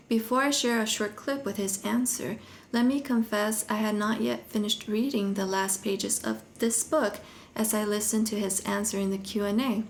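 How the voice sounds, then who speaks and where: A woman hosting her channel, reading a book review in steady, earnest scripted narration. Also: mid-range voice, slight background noise.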